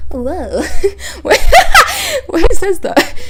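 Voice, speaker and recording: A woman chatting on a live stream as she reacts to a comic, blunt and quick to swear, speaking into a close desk mic. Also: very high voice, huge pitch swings, noisy background. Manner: chatty and blunt, swears freely, reads panels aloud. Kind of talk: casual live reaction chat.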